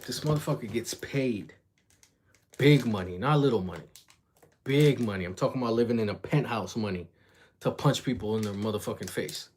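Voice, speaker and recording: A young reaction vlogger loosely retells a story on a livestream, piling on profane slang and jumping into quick impressions of other people mid-sentence. His voice sits at an ordinary middle pitch, with a little hiss or hum in the recording.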